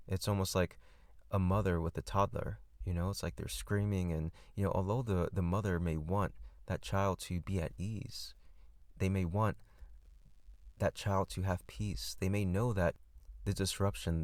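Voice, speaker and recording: A man hosting a podcast, giving a gentle, reflective monologue with soft repetitions and restarts. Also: low-pitched, dry recording. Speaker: podcast host.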